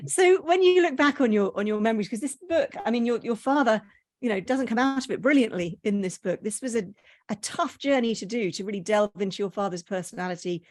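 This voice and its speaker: A woman's voice: on the high side, animated, normal speed, a little mellow, no room sound, clean studio sound. A woman interviewing an author, friendly and full of praise, often laughing between questions. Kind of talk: conversational interview.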